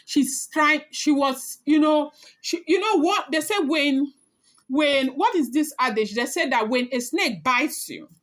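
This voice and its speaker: A woman's voice: sits high, lively intonation, a little slow, fairly bright tone. A woman talking casually as a celebrity gossip blogger, chatty and emphatic, speaking straight to her viewers.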